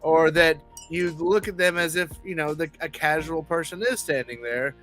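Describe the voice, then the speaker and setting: A podcast host in casual chat, reactive and quick to joke. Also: mid-range voice, a bit bright, faint music behind.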